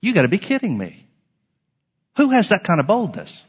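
A man preaching a sermon as pastor, emphatic, swinging from loud declarations to hushed lines. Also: sits high, wildly swooping pitch, moderate pace, breathy edge, big-room sound.

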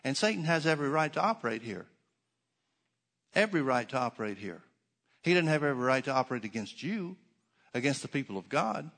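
A man's voice: mid-range voice, very animated, brisk, creaky, long pauses, a bit bright. A man preaching a sermon as pastor, emphatic, with rhetorical questions and dry sarcastic asides.

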